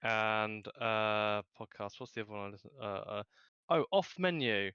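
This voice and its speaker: Bright, crisp man rambling. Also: fairly low pitch, animated, moderate pace, dry recording, lo-fi sound. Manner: rambling, many fillers and restarts. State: unwell with a cold. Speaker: podcast co-host. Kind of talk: casual chat.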